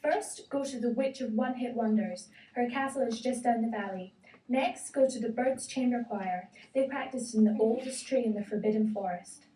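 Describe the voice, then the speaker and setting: A woman voicing a practical, motherly village woman in a children's story, giving brisk instructions. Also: on the high side, warm tone, lightly acted. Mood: instructing. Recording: roomy, distant.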